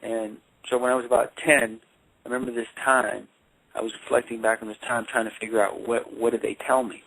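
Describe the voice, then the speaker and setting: Halting, gravelly-voiced man on the phone. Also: mid-range voice, little pitch movement, fairly bright tone, dry recording, low-quality recording. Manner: halting, repeats words and restarts. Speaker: life coach and counselor. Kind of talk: storytelling in a phone interview.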